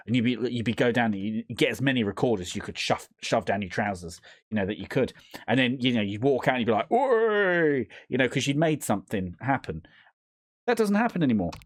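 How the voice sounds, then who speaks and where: Man, gaming commentary, rambling, jokey, animated pitch. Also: dry recording, studio quality. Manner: rambling and jokey, reads game text aloud in put-on voices. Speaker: gaming YouTuber. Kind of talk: horror game playthrough commentary.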